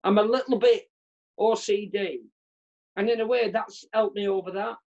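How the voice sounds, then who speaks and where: A man's voice: high-pitched, steady tone, moderate pace, a little mellow, highs cut off. Rambling, self-deprecating man. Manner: rambling, self-deprecating, trails off mid-sentence. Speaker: comedian guest. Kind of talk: candid conversational interview. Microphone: remote video call.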